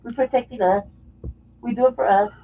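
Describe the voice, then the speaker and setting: Heated, husky woman ranting. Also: a little high, steady tone, normal speed. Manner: heated, profane, mocking imitations. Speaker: co-host. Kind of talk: casual political chat. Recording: dull lo-fi audio.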